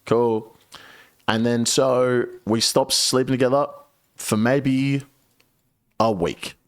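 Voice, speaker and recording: A man streaming and telling a long story to his chat, casual and profane, with lively shifts into the voices of the people he quotes. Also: slow pace. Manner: animated, profane, swings pitch when quoting people.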